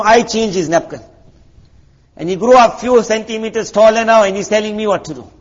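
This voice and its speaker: A man with a high, husky voice preaches a sermon, talking to his listeners in a chatty, storytelling way. He keeps asking rhetorical questions. The recording sounds muffled and lo-fi. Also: big-room sound. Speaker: Islamic preacher.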